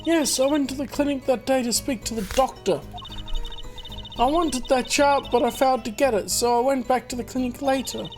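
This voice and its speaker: A man's voice: very high voice, moderate pace, soft background music. A man voicing a cunning, haughty young woman under questioning, coy and scheming in tone, read aloud over a video game. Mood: defiant.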